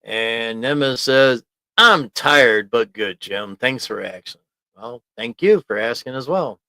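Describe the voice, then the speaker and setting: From a desk mic in his small home office studio comes a man's medium-pitched, pushed and bright voice with lively intonation. He reads viewer comments aloud at an unhurried pace, rambling and chuckling through a casual livestream. There is no echo.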